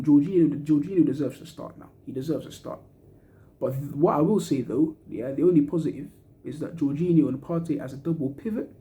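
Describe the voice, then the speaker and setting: A man's voice: a little high, dark tone. A young man, ranting angrily about a football match, swearing and using street slang. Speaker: football fan reacting to a match. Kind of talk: angry post-match fan rant.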